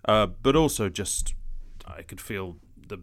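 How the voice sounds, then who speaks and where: A man from Scotland with a Scottish-tinged accent that drifts, talking casually as a guest with many quick restarts. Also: fairly low pitch, lively intonation. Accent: Scottish-tinged English, shifting. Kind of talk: casual conversation.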